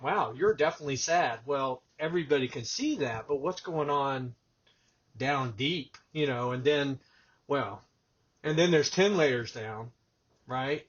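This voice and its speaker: A man hosting a casual podcast conversation, telling stories and acting out what people said. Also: on the high side. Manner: animated storyteller, acts out quotes. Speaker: podcast host. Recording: dull lo-fi audio.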